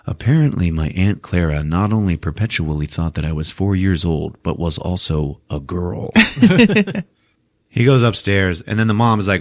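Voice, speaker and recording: A man's voice: low-pitched, expressive, normal speed. A man hosting a podcast, recapping a movie in a casual, profane way, laughing often and acting out characters.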